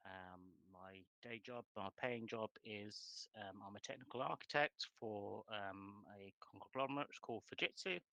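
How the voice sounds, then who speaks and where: A man with a lowish voice speaks haltingly on a video call, with many pauses. The sound is dry and close. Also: gravelly, pushed and bright, dry recording, poor audio. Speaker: team lead. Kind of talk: casual self-introduction.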